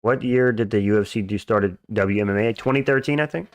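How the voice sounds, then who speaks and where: A man's voice: lowish voice, a little fast, no echo. A man live-streaming fights, chatting casually, reading out chat questions and answering them bluntly with crude jokes. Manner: blunt, joking, crude and dismissive.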